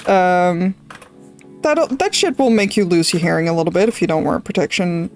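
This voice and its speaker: A woman's voice: on the low side, normal speed, a little mellow, soft background music. A young woman streamer from the Netherlands, casually rambling through a story while drawing, swearing freely. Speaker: art streamer.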